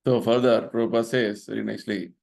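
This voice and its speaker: This temple vice president is a middle-aged man delivering a devotional lecture at his temple. His voice is fairly low, gravelly and somewhat dark, and he talks fast in a steady tone. He lays out each point earnestly, often turning to the audience with "right?".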